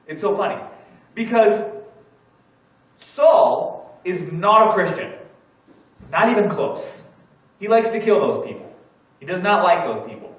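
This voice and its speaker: Man, pastor, sermon, animated storytelling, echoey hall, distant mic, slightly raised voice. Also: high voice, measured pace, pauses often, muffled recording. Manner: storytelling, animated, acts out his own panic. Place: church sanctuary.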